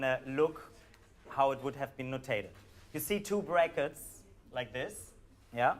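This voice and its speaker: A man with a German accent, calmly guiding a live audience through a performance score, with hesitant fillers. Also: a little high. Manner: calm, instructive, hesitant with fillers.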